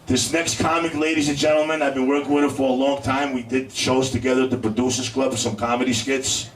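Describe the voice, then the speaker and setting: A man's voice: medium pitch, level tone. Man hosting a comedy club, roomy and distant. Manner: banters with the crowd, drawn-out punchlines. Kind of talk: stand-up and crowd work. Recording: roomy club sound from afar with faint noise.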